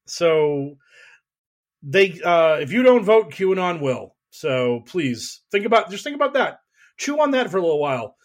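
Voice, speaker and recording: A man's voice: sits high, lively intonation, measured pace. A man hosting a podcast, ranting about politics in an emphatic, profane, exasperated way, with a voice he calls whiny. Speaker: podcast host.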